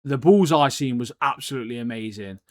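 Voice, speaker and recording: A young man co-hosting a podcast, talking in excitable, slangy casual chat and saying "mate" a lot. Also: mid-range voice, brisk, no echo, clean studio sound. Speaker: podcast co-host.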